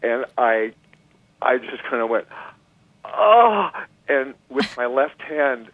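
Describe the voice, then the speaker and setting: Animated man telling stories over a phone line. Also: mid-range voice, measured pace, dry recording. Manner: animated storyteller, lots of restarts and asides. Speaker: guest musician. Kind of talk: casual anecdote-telling interview. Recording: dry tinny phone line.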